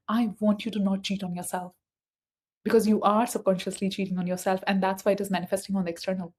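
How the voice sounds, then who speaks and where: A woman's voice: medium pitch, fast, a little mellow. A woman giving a motivational spiritual talk, speaking emphatically and repeating key phrases straight to the listener. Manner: emphatic, repetitive, addresses listener directly.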